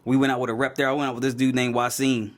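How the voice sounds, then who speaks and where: On a laid-back podcast, this young male co-host talks very fast in a medium-pitched voice. He chats and spins long stories with plenty of laughter, performing the voices of everyone he quotes.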